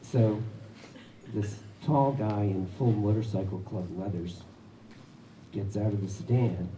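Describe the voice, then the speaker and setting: A man's voice: fairly low pitch, slow pace, warm tone, distant mic. A man telling a personal story at a live story hour, wry and chuckling often. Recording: echoey room with background noise.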